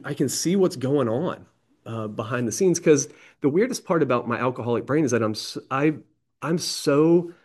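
A man's voice: mid-range voice, a little mellow. A man speaks candidly about his recovery, in a loose, slangy and self-deprecating way. He often stops and restarts his sentences as he talks. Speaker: AA member sharing.

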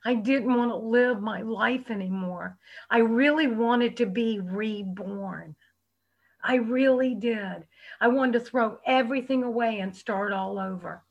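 A woman's voice: a little high, measured pace, highs cut off. A middle-aged American woman giving a heartfelt, candid personal testimony to a meeting, with fillers and restarts. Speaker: recovery speaker.

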